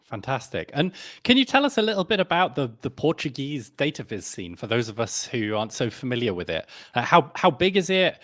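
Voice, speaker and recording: A male host introduces speakers in a friendly, upbeat way and pokes fun at himself. His voice is mid-pitched and sounds dry and close. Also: sing-song, fairly quick, hardly any pauses, fairly bright tone, no echo. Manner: friendly, upbeat, self-deprecating jokes. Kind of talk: casual live-stream hosting.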